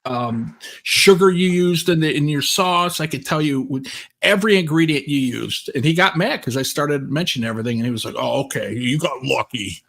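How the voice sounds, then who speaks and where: A man with a slightly high voice tells stories in casual banter. He is blunt and crude, and he acts out the lines of the people he talks about. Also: lively intonation, fairly quick, fairly bright tone. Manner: crude, blunt storyteller who acts out quotes. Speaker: podcast co-host.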